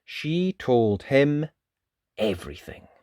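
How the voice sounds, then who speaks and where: Expressive male storybook narrator. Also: medium pitch, slow, dry recording, studio quality. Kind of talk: children's storybook read-aloud.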